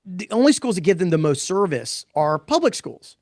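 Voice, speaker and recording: Middle-aged male pollster, slightly high voice, blunt and animated, restarts often. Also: moderate pace, no room sound, clean studio sound. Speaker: pollster presenting poll results. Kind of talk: casual live webinar talk.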